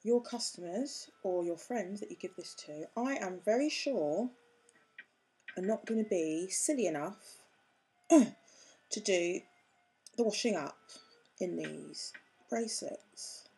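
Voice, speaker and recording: A woman's voice: medium pitch, lively intonation, takes it slowly, long pauses, dark tone, breathy edge. A woman chatting casually as she demonstrates a craft project step by step, joking at her own expense as she works. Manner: chatty, self-mocking, talks while working with hands. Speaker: craft tutorial host.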